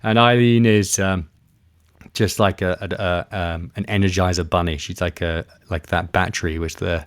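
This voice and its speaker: A man with a very low voice tells expedition stories in a loose, rambling way, full of fillers and restarts. The sound is dry and close, with no room around him. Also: steady tone, moderate pace, dry recording. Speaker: guest, expedition kayaker. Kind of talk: casual interview storytelling.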